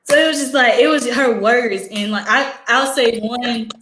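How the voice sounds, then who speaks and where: A teenage girl and high school student, telling a story in casual chat, acting out the dialogue with lots of fillers. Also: normal speed, reverberant, slight background noise, low-quality recording. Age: teens. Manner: animated, acts out quoted dialogue, many "like" fillers.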